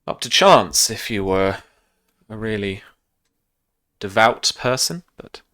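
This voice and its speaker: Courtly spymaster lord voiced by a man, formal, measured, low-ish voice. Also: animated, a bit bright.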